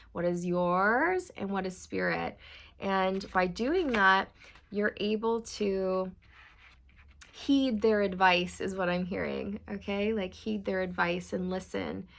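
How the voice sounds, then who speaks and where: A woman's voice: mid-range voice, unhurried, vocal fry, a bit bright. A woman giving a channeled tarot reading, talking to viewers in a meandering, reassuring way and often calling them "you guys.". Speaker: tarot reader.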